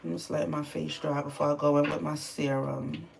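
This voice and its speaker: A woman's voice: sits low, little pitch movement, a little fast, creaky, noisy background. A woman from the Bronx, chatting casually on a livestream and answering viewers' comments, loose with fillers. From the Bronx, New York. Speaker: livestream host.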